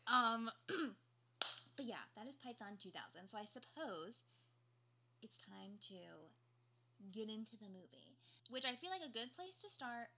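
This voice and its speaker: A young woman with a bright, ringing voice pitched a little high, co-hosting a podcast. She chats casually and animatedly, swears freely and fills her talk with fillers. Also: lively intonation, normal speed, breathy edge. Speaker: podcast co-host. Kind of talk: casual chat.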